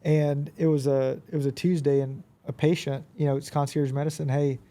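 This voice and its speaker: Gravelly-voiced man telling stories. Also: fairly high pitch, brisk. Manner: animated anecdotes, frequent fillers and quoted dialogue. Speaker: podcast guest, business owner. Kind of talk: casual conversational storytelling.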